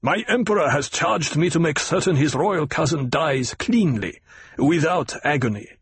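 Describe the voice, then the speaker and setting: A man voicing a gruff, disdainful imperial officer with a growl in an audiobook. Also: fairly high pitch, expressive, moderate pace, dry recording, heavily acted.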